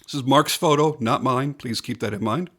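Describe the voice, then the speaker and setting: Male product reviewer, mid-range pitch, casual and emphatic, leans on repetition. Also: moderate pace, a bit bright, husky. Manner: enthusiastic, emphatic, repeats points for stress. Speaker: knife reviewer.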